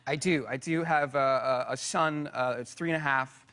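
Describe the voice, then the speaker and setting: A man from Iowa, a guest on a talk show, telling an animated, rambling story in a studio with a lapel mic. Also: mid-range voice, moderate pace, clear, resonant tone. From Iowa, USA. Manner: excitable, rambling with many restarts. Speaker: guest, actor. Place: television studio.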